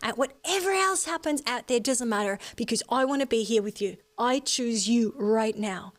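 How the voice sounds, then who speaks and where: A woman in a casual podcast conversation, speaking in a calm, encouraging, motivational way and slowing down to stress key phrases. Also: fairly high pitch. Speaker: podcast guest or co-host.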